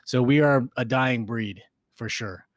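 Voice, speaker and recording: A man's voice: mid-range voice, a little slow, dry recording, studio quality. A man co-hosting a sports podcast, chatting casually and rambling with restarts. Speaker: podcast co-host.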